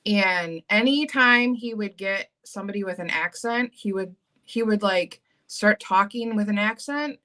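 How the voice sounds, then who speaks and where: Bright, giggly woman, casual storyteller, laughs often. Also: mid-range voice, measured pace.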